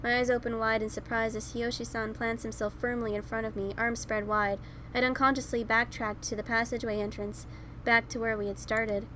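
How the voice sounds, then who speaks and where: A woman's voice: fairly high pitch, little pitch movement, brisk, sharp tone, a little hiss or hum, low-quality recording. A woman reading a visual novel aloud in the first person, now and then correcting herself, with game music behind. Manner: first-person narration, occasional self-corrections. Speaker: game let's player.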